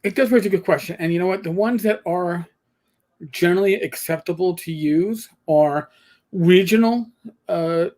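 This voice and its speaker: A man's voice: high voice, moderate pace. Rambling older New man. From New York. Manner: rambling, animated storytelling with restarts. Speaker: co-host. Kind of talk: casual chat.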